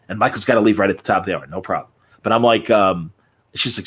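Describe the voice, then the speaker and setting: A man's voice: lowish voice, lively intonation, quick pace, fairly bright tone, husky. A man co-hosting a casual podcast, telling rambling stories and joking with friends. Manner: rambling storyteller, puts on silly voices. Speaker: podcast co-host. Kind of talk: casual chat.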